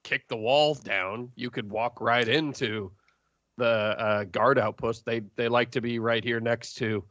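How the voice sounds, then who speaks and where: A man narrating a tabletop game as game master, halting with many fillers. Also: medium pitch, steady tone, a bit bright, no room sound. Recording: dull lo-fi stream audio.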